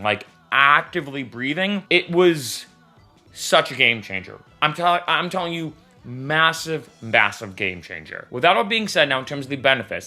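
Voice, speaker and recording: A man talking casually to his vlog audience in a bright, forward voice whose pitch rises and falls a lot. He sounds candid and chatty, tossing in little asides as he goes. Soft music plays faintly behind him. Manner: candid and chatty, leaning on fillers like "right?" and "I'll be honest". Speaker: vlogger. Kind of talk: casual vlog talk to camera.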